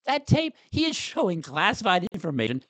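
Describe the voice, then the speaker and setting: A middle-aged former state senator from Maryland chats about politics casually and animatedly. He has a high voice, talks fast, and keeps restarting his sentences.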